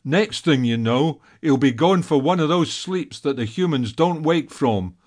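A man's voice: a little high, animated, unhurried, a little mellow, pitched above the performer's own voice. A man voicing an easygoing older male black Labrador who talks in a grumbling, wry way, in a storybook. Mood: gruff, wry.

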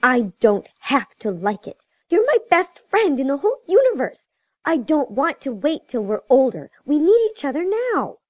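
Brief: woman voicing a stubborn seven-year-old girl, lively high pleading, dry studio. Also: moderate pace, no echo. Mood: insistent.

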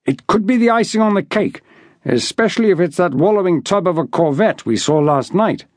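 A man's voice: high-pitched, animated, brisk, dry recording, studio quality. A man voicing a brooding, harsh ship's captain who speaks in a tight, clipped, commanding way.

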